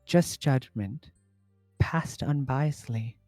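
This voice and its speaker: An eerie little red-eyed girl spirit delivers a flat, ominous verdict, as a man game master puts her on. The delivery is slow and dry, with faint music behind. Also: mid-range voice, no echo, close to an everyday voice. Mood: solemn.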